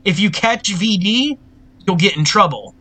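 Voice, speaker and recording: A man's voice: high voice, lively intonation, normal speed, bright, forceful tone. A young man recapping a film in casual, profane chat, laughing often as he tells it.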